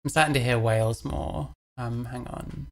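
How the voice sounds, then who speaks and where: Woman, gravelly voice, from England, sardonic, rambling livestream commentary. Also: extremely low pitch, fairly even intonation, moderate pace. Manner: sardonic, mocking, rambling asides. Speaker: livestream host reacting to clips. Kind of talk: casual commentary.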